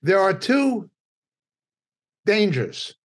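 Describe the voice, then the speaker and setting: Slow, deliberate New teacher. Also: male voice, sits high, very animated. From New York. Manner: deliberate, emphatic, pausing between phrases. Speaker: Bible teacher. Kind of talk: midweek Bible study teaching.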